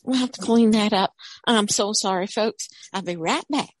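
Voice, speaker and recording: A woman's voice: mid-range voice, moderate pace, no echo, natural voice. A woman playing a flustered, apologetic waitress who fusses and exclaims.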